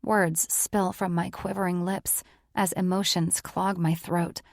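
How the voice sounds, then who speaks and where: A woman's voice: lowish voice, level tone, measured pace, creaky, no echo, clean studio sound. A woman narrating a romance audiobook in the first person, with an intimate, emotive reading.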